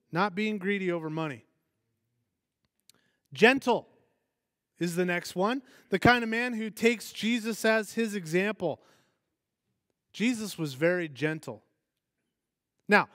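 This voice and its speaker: Male pastor, conversational sermon, slightly high voice, dry close sound, asks the room questions. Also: moderate pace, pauses often, dry recording. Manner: animated, asks the congregation questions, acts out quoted voices.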